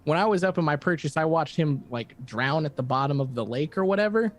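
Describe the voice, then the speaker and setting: A man's voice: fairly high pitch, animated, a little fast, soft background music. A man narrating as game master in an easygoing, casual way, with fillers along the way.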